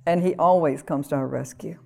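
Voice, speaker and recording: A woman preaching a sermon in an earnest, conversational way, repeating phrases and laughing softly now and then. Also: low voice, fairly quick, vocal fry.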